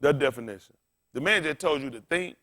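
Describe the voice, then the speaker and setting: With a somewhat high, sharp-toned voice, lively intonation and a brisk delivery, a male pastor preaches a down-to-earth, folksy sermon. Retelling scripture, he addresses the congregation directly and throws questions at it.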